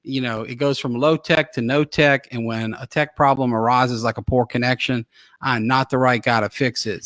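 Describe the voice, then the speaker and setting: A man's voice: mid-range voice, fairly bright tone, no room sound. A man hosting a small-town live interview show, chatty and friendly, often chiming in with short replies. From Louisiana. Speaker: host.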